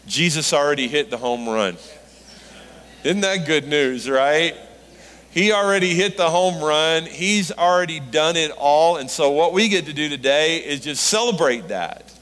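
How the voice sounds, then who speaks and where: A man preaching a sermon as pastor, animated, rising in pitch and force when he acts out what people say to God. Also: measured pace. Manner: animated, rising into emphatic high pitch on quoted lines. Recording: long hall reverb.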